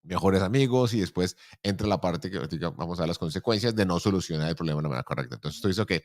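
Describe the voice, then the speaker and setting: A middle-aged man hosting a relaxed conversation, asking questions and often repeating words as he searches for the next one. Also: sits low, very fast, no echo. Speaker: show host. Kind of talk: conversational interview in Spanish.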